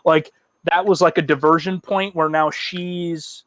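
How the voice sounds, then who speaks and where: A man co-hosting a podcast in loose, profanity-laced talk that keeps trailing into fillers. His voice sits a little higher than most men's. It sounds dry and close. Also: fairly even intonation, unhurried, fairly bright tone, no echo. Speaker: podcast co-host. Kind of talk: casual chat.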